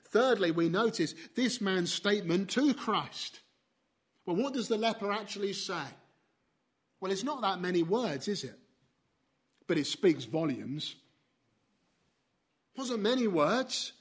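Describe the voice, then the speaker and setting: A man preaching a sermon, earnest and full of questions to his listeners, moving between emphatic and hushed passages. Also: high-pitched, expressive, unhurried, husky. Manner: earnest, asks the hearers questions, swings between loud and soft.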